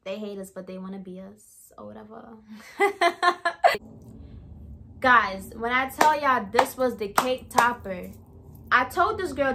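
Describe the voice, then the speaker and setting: Young woman vlogger, storytime delivery, bright forceful tone, a little high, emphatic and chatty. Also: a little slow, slight background noise. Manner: animated, emphatic, laughing asides. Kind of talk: storytime vlog.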